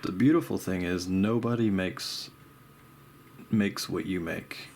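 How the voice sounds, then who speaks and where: A man's voice: low voice, takes it slowly, gravelly, darkish tone, a little hiss or hum. A young man chatting casually while he paints, laid-back and rambling, with a habit of saying dude and bro. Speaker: art vlogger.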